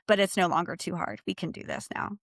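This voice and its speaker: A woman's voice: lowish voice, big pitch swings, quick pace, gravelly, no echo, studio quality. A woman speaking as a guest on a livestream discussion. She talks earnestly and reflectively in long, flowing sentences. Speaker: guest, bereaved parent.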